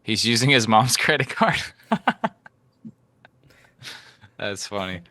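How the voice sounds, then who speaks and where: A man's voice: on the low side, expressive, slow, bright, forceful tone. A man moderating a live-streamed debate, reading out donations and joking with the guests in a teasing, casual way.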